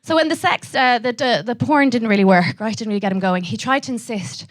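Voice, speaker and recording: A young Irish woman doing a live stand-up set, brash and profane, throwing quick asides to the audience. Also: a little high. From Ireland. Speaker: stand-up comedian.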